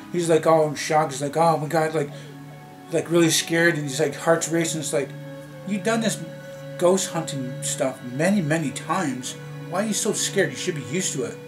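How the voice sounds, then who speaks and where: A man vlogging a rambling, annoyed movie critique to camera, full of fillers and restarts. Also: a little high. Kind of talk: casual movie rant to camera. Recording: music playing clearly behind the voice.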